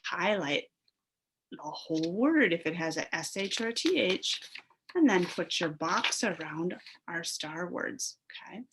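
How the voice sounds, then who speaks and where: A woman's voice: lowish voice, lively intonation, a little slow, a bit bright, slight background noise, low-quality recording. A woman teacher leading a phonics lesson for young children, sounding out word parts, blending them and praising the class in a sing-song way. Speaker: elementary school teacher.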